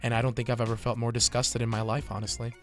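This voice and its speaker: A young man co-hosting a relaxed podcast, rambling through a travel story with a mid-range voice and easy laughter. He swears casually and talks in loose, chatty bursts. Faint music sits behind him. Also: mid-range voice, fast talker. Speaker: podcast co-host. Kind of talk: casual chat.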